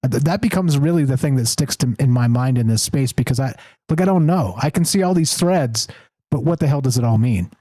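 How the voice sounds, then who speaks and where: Mellow-voiced man hosting a call-in show. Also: medium pitch, animated, brisk, no echo, poor audio. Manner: rambling, self-interrupting, wry. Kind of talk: casual talk-radio conversation.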